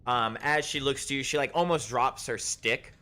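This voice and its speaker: A man's voice: mid-range voice, normal speed, pushed and bright. A man narrating as game master of a tabletop game, casual, with many fillers and restarts.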